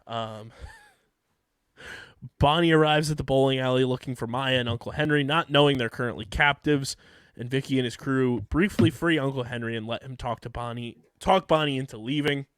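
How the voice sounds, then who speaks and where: A man's voice: medium pitch, normal speed, clear, resonant tone, no echo, studio quality. A man co-hosting a podcast, rambling through a plot recap with frequent ums and laughs. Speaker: podcast co-host recapping episodes. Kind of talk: casual podcast chat.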